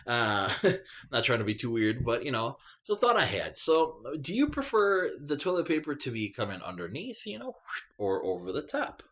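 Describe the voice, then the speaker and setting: A male vlogger riffing in a loose, rambling way, his voice swinging up and down in lively swoops. He talks straight to the camera in a chatty, profane rant, circling back on his points. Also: mid-range voice, moderate pace.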